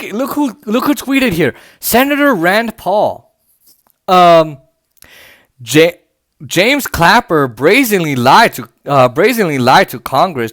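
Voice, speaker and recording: A man's voice: on the high side, no room sound, clean studio sound. A man hosting a political commentary podcast, sarcastic and indignant, reading posts aloud with many fillers and restarts. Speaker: podcast host. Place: home.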